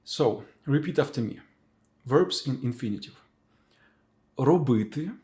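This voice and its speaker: A man teaching a language lesson, saying each word slowly and repeating it for learners to copy. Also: medium pitch, animated, darkish tone. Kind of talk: slow spoken language lesson.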